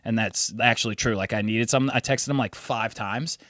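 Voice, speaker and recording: A man's voice: mid-range voice, brisk, fairly bright tone, dry recording, clean studio sound. A young man casually telling a story on a podcast, swearing freely and acting out what people said. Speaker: podcast co-host. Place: New York City apartment.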